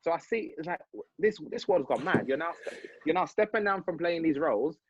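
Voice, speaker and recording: A young man, co-hosting a podcast in animated, emphatic casual chat. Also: a little high, a little fast, no echo. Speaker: podcast co-host. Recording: dull lo-fi dry sound.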